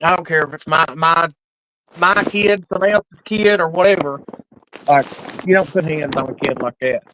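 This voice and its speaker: A middle-aged woman telling stories in casual chat, animated and laughing, with plenty of cursing. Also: deep voice, normal speed, slight background noise, rough recording. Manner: animated, laughing, profane storyteller.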